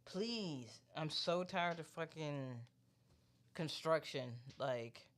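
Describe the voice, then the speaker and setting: A man co-hosting a podcast, telling a story in a loose, profane, animated way and quoting the people in it. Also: on the high side, unhurried, clean tone. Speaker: podcast co-host. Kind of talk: casual chat, storytelling.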